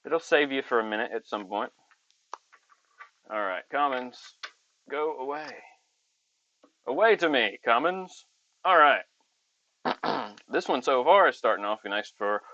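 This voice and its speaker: A man hosting a casual card-opening video, chatting and reading card text aloud with excited asides. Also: mid-range voice, a little slow, pauses often, dry recording. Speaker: channel host. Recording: dull lo-fi audio.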